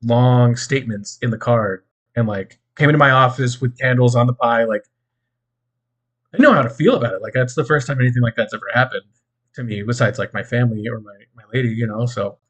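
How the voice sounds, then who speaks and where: A man's voice: medium pitch, fairly quick. Laid-back man in casual chat. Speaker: podcast co-host.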